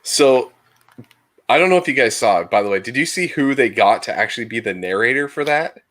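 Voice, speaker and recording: A man co-hosting a casual podcast, telling stories in a jokey, animated way. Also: mid-range voice, a little fast. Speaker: podcast co-host. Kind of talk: casual chat.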